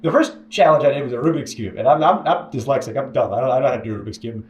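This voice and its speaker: A man telling his own story about working as an employee, rambling and self-deprecating, quoting other people in animated voices. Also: medium pitch, racing, muffled recording. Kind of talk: personal storytelling in a video.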